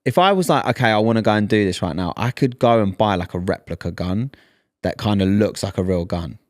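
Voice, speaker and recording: Low-voiced man telling a story. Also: a little fast, no echo, clean studio sound. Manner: animated storyteller, acts out quoted lines. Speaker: podcast co-host. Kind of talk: casual storytelling chat.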